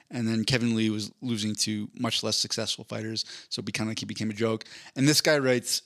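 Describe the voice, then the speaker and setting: A man's voice: medium pitch, fairly even intonation, a little fast, few pauses, a bit bright, no room sound, clean studio sound. A man with a mid-range voice tells a story as a podcast host in a casual chat. He sounds amused, rambles, and restarts his sentences often.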